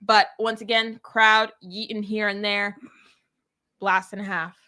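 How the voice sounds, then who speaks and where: Bright, animated woman recapping wrestling. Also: measured pace, dry recording. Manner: animated, acts out quoted lines in high voices. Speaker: podcast co-host. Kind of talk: casual wrestling recap chat.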